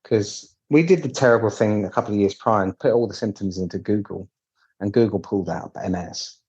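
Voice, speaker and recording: A man's voice: on the low side, fairly quick, a little mellow, husky, dull audio. A British man, a piano technician, telling his story in a candid, wry interview, acting out the dialogue he quotes.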